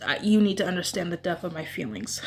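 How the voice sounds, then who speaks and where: A woman's voice: lowish voice, very animated, fast, a little hiss or hum. Woman, book vlogger, casual chat, gushing, rambling, emotional.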